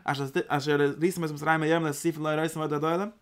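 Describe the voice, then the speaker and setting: A man teaching an informal Torah class, lively and acting out the verses. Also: a little high, rapid-fire. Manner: animated, acts out the verse in God's voice.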